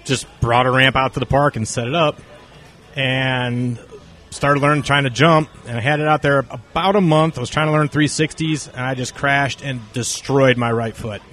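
In a relaxed chat, this North Carolina interview guest spins lengthy stories, voicing each character's lines with animation. His voice is medium in pitch and his pace is normal.

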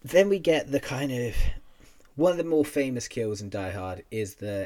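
Male podcast co-host, mid-pitched, playful, quick with gags and impressions. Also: a little mellow. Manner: jokey, acts out lines, laughs often. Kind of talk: casual movie-review banter.

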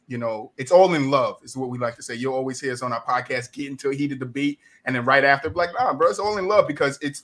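A man's voice: medium pitch, a bit bright. A man from New Jersey with a New Jersey accent, a guest on a sports podcast talking casually and with emphasis.

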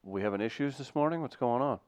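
A man's voice: mid-range voice, quick pace, darkish tone, smooth, dry recording. A man hosting a casual morning radio show in a studio, teasing his co-hosts with wry, dry humor.

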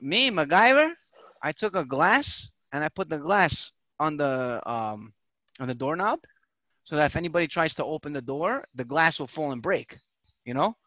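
A man's voice: fairly high pitch, animated, moderate pace, pushed and bright, dry recording, lo-fi sound. A man telling a story with animation on a casual podcast chat, swearing and repeating himself. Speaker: podcast host.

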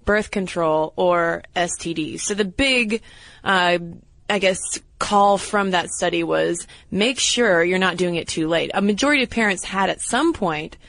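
A woman co-hosting a podcast, telling stories in a lively, casual way with fillers. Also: on the low side, a little slow, no room sound. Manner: animated storytelling with fillers. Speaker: podcast co-host. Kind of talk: casual chat.

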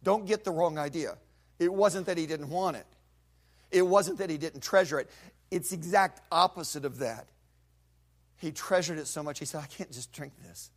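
Male pastor, high voice, animated sermon storytelling with acted-out voices. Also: moderate pace, long pauses.

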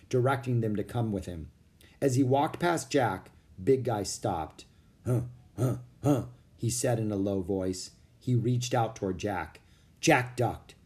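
A man narrating a children's storybook with an expressive reading. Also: on the low side.

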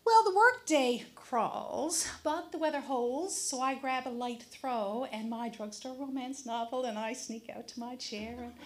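A middle-aged woman telling a funny personal story on stage to a live audience, animated and acting out the crows' caws. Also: sits high, unhurried, few pauses. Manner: animated, mimics crow caws.

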